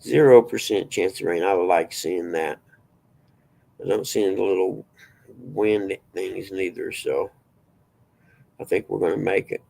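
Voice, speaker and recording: A man's voice: low-pitched, fairly even intonation, measured pace, vocal fry, long pauses, darkish tone, poor audio. A man hosting a casual livestream, chatting folksily with viewers and reading news aloud. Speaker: livestream host.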